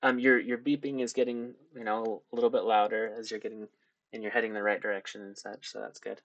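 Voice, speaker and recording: A low-pitched man runs a tabletop game, describing the scene haltingly with frequent ums and restarts. His voice is dry and close to the mic. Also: level tone, no room sound, lo-fi sound. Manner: hesitant, lots of ums and restarts. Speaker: game master.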